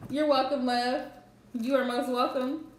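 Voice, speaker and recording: Woman, tarot reader on a live stream: high voice, unhurried, blunt and emphatic delivery. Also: little pitch movement, reverberant, noisy background. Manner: blunt, emphatic, chatty with viewers. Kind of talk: casual live-streamed reading. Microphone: streaming setup.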